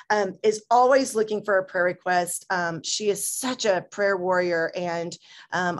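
A woman hosting a webinar, introducing a guest with affectionate praise. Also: mid-range voice. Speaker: webinar host.

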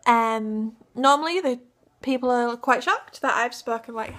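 This cosplayer and vlogger is a young Yorkshire woman from Hull, England, speaking with the local accent in a relaxed vlog chat. Fairly high-pitched and fairly bright, she talks at a moderate pace. Her delivery rambles and giggles along, packed with fillers.

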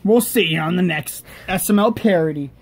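A man's voice: high voice, a little fast, vocal fry. A young man co-hosting a puppet video, rambling offhandedly in casual chat.

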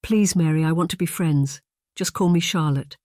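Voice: mid-range voice, normal speed, darkish tone, no echo, clean studio sound, natural voice. Charlotte, an eager young Englishwoman, read by a narrator.

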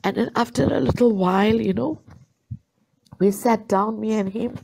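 A woman's voice: fairly high pitch, moderate pace, gravelly, mellow, poor audio. A woman telling her personal faith testimony in an earnest way, repeating herself for emphasis. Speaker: guest sharing a testimony.

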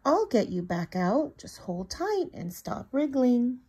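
A woman voicing a young male elephant who pretends to be a bunny, speaking gently and earnestly. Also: a little high, sing-song, takes it slowly, breathy edge, full character voice.

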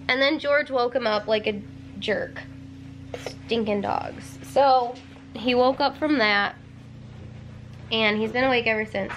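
Chatty young mom vlogging at home. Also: female voice, a little high, fairly bright tone, slight background noise. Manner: chatty and rambling, many "like" fillers. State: tired and emotional. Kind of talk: casual home vlog. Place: home living room. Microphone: handheld camera.

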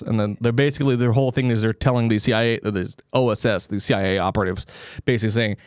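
A man's voice: fairly low pitch, steady tone, rapid-fire, clean tone, no room sound, clean studio sound. A man hosting a comedy podcast, telling a story in a loose, rambling, casual way with swearing and asides. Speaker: podcast host.

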